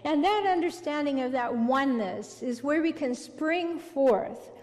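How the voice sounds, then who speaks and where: A middle-aged woman giving a spiritual talk on relationships to an audience, telling stories with gentle emphasis. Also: sits high, lively intonation, a little slow. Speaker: relationship speaker. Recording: long hall reverb.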